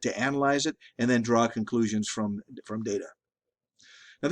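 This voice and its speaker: A middle-aged man teaching a statistics class in a conversational lecture, often repeating and restarting words. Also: medium pitch. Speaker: statistics instructor. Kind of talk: recorded lecture.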